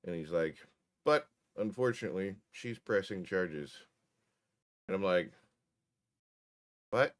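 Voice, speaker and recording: Profane low-voiced man telling a story. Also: expressive, takes it slowly, long pauses. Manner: profane, wry storytelling with laughs. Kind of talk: casual storytelling.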